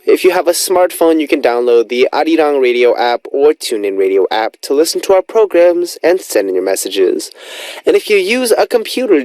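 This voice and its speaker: A man's voice: a little mellow, no room sound, low-quality recording. A man in his twenties hosting a radio music show, upbeat and enthusiastic in a studio. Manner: bouncy, enthusiastic, big pitch swings. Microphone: studio microphone.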